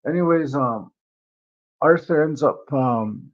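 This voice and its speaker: A man's voice: a little high, slow pace, highs cut off. A man telling a rambling personal story on his channel, swearing freely and leaning on fillers. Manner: rambling, profane, lots of fillers. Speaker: vlogger. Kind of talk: casual storytelling.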